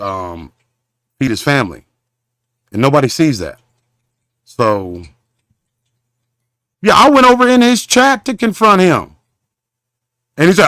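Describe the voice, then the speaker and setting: A man hosts a livestream and rants at his critics, his somewhat high voice leaping up and down. He rambles and stumbles, then breaks into preacher-like condemnations. The sound is dry and close. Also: a bit bright, no echo. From Southern Oklahoma. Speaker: show host. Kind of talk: confrontational livestream rant.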